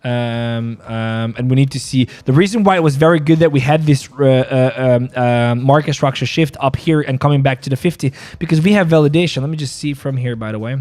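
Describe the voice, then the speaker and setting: A man's voice: medium pitch, fairly quick, few pauses, a little mellow. A man hosting a casual trading livestream, joking, laughing, and often repeating his phrases while he talks through market analysis. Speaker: crypto trading stream host.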